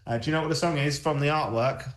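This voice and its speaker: A radio show host with a slightly high voice talks at a quick pace while hosting a casual music livestream. He jokes, laughs, and chats loosely with his co-host in a self-deprecating, jokey way.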